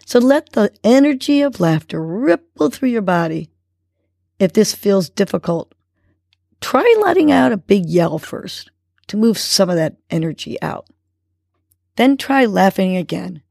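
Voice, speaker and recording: A woman hosting a podcast, calmly guiding listeners through breathing exercises and affirmations. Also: medium pitch, creaky, no room sound, studio quality. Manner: slow, calm guiding delivery. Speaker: podcast host.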